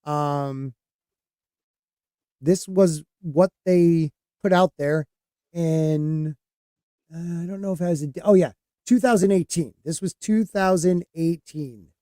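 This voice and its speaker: A man hosting a casual podcast, rambling and halting, full of fillers and restarts. His voice sits a bit high for a man yet sounds mellow and dark. The sound is dry and close. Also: smooth, no echo. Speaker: podcast host.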